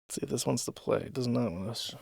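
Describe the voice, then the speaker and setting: A man's voice: mid-range voice, fast, gravelly, a little mellow. Profane, rambling man hosting a stream. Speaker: stream host. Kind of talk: casual live-stream commentary.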